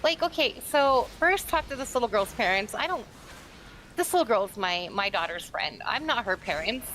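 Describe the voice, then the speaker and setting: A woman's voice: fairly high pitch, normal speed, slight background noise, low-quality recording. A woman streaming a game with friends, chatting casually and telling stories bluntly, swearing freely. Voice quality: blunt, animated storyteller who swears freely. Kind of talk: casual chat and storytelling.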